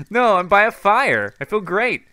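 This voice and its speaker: A man narrating his own gameplay in a loose, jokey way, laughing often and yelping when things go wrong. His pitch sits somewhat high and swings widely, and his tone is bright. He keeps an unhurried pace between his outbursts. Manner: excitable, laughs often, yelps and exclaims. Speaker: gameplay channel host. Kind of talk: casual let's-play commentary.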